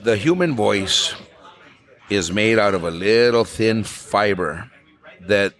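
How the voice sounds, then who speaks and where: A man's voice: fairly low pitch, slow pace. A middle-aged man from New Mexico, a flamenco singer chatting as a podcast guest, telling things with vivid images and dropping in Spanish words. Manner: relaxed storyteller, vivid imagery, slips into Spanish. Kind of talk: casual interview chat.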